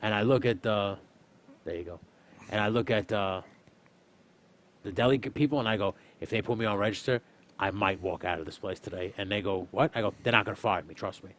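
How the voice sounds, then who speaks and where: A young man casually telling a story on a stream, swearing often and loudly acting out what people said. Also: fairly low pitch, brisk. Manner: animated, swearing, acts out quotes loudly. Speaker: streamer, host.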